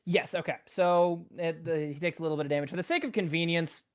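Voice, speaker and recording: A man's voice: a little high, fairly even intonation, fast talker, smooth. A man narrating as game master in a casual tabletop game, rambling with lots of ums and laughs.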